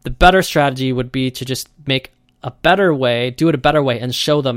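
A man's voice: mid-range voice, fairly quick, clear, resonant tone, no echo, clean studio sound. A man hosting his own podcast, talking loosely and conversationally and acting out the voices he quotes. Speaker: podcast host. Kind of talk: casual solo podcast monologue.

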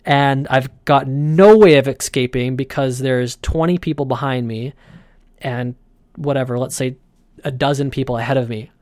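A podcast host telling a travel story in a casual, animated way. He acts out his own thoughts as he goes. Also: medium pitch, normal speed, dry recording, clean studio sound.

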